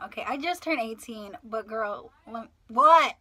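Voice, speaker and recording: Bright-voiced eighteen-year-old woman vlogger. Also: fairly high pitch, a little slow. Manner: animated, swearing, acting out quotes. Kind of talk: casual storytime.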